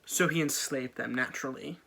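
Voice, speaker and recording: A man's voice: mid-range voice, brisk, vocal fry, fairly bright tone. A man casually retelling an old story in a jokey, slang-filled way with offhand asides.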